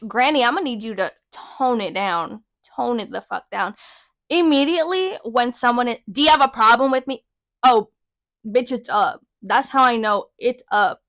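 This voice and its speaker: A young woman in her early twenties hosts her own podcast and tells stories in a sassy, profane rant. Her voice sits a little high. It is recorded close and dry, with no room sound. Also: animated, moderate pace, fairly bright tone, no room sound. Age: young adult. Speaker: podcast host. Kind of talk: casual storytelling rant.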